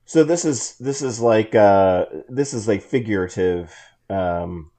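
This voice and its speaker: A man's voice: fairly low pitch, animated, slow, dark tone. A man co-hosting a casual Bible study podcast, asking curious questions, hesitant and full of fillers. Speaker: co-host.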